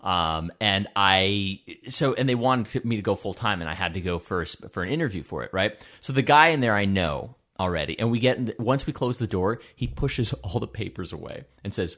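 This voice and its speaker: A man's voice: fairly low pitch, moderate pace. A man in casual podcast chat, telling stories animatedly and acting out the dialogue. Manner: animated storyteller, acts out dialogue.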